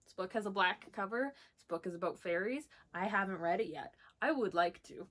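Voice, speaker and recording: A woman's voice: mid-range voice, brisk, hardly any pauses. A young woman talks casually about books, rambling and filling her sentences with likes and ums. Her delivery is bubbly and enthusiastic, with a middle-range voice that sounds like she is chatting from home. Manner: chatty and rambling, with many "like" and "um" fillers. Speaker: book vlogger. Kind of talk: casual chat, answering a book tag.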